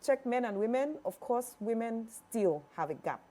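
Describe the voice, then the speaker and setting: A woman with a Nigerian accent, a public speaking trainer, answering interview questions in a lively way and often acting out quoted voices. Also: fairly high pitch, moderate pace. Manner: animated, acts out quoted voices.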